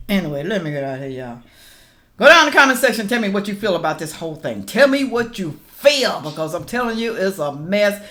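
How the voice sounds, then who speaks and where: A woman's voice: mid-range voice, brisk. A middle-aged woman, chatting casually to viewers as a reaction vlogger and calling them y'all. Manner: animated, addresses viewers as y'all.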